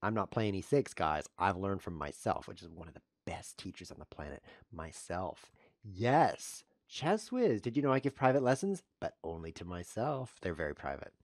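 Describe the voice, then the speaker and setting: Male chess streamer thinking aloud as he plays, lowish voice with a wide, bouncy pitch range, deadpan self-mockery broken by yelps. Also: moderate pace, no room sound, clean studio sound. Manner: self-mocking deadpan jokes with sudden yelps over blunders. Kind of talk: live-stream commentary while playing.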